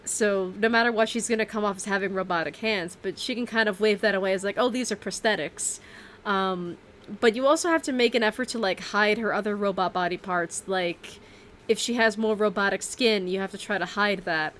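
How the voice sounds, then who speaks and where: A woman's voice: medium pitch, brisk, fairly bright tone, a little hiss or hum. A woman streaming in a casual, rambling way, full of fillers and self-corrections, laughing often. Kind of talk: casual livestream chat.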